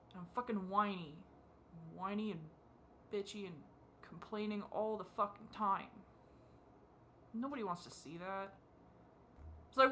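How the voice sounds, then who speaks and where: A young adult vlogger with a high, feminine-sounding voice that has a bright, tense edge. They are crying as they talk straight into a camera mic. Faint room noise hums behind the halting, self-doubting questions.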